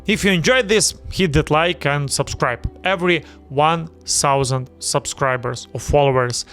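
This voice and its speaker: A man from Ukraine with a Ukrainian accent, speaking English as a second language and teaching pronunciation slowly and deliberately, repeating words for practice. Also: a little high, fairly bright tone. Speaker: language video host. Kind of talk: pronunciation lesson.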